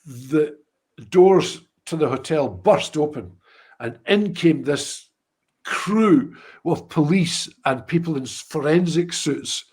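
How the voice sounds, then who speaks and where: A Scottish man telling a lively anecdote in casual conversation, with frequent restarts. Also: fairly high pitch, slow pace, breathy edge. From Scotland. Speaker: guest musician. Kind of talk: anecdote told in casual chat.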